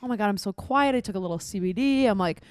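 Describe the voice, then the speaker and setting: A woman's voice: medium pitch, lively intonation, fast talker, no room sound, clean studio sound. A woman in her twenties co-hosting a casual podcast, telling a story animatedly, acting out her own reactions and swearing freely. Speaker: podcast co-host.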